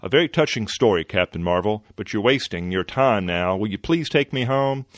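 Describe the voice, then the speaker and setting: A man's voice: lowish voice, animated, moderate pace, no echo, studio quality, natural voice. A man voicing a selfish, grumbling old miser toymaker in a comic story read aloud. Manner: sulky, complaining whine.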